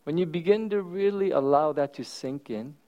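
A male pastor preaching a sermon at a church service, telling stories with swings between loud exclamations and hushed asides. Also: fairly high pitch, moderate pace, dull audio.

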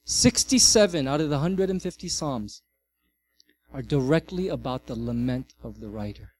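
A middle-aged male pastor giving a sermon, swinging from loud, emphatic passages to soft, quiet ones. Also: medium pitch, moderate pace. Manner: animated, varies loudness widely.

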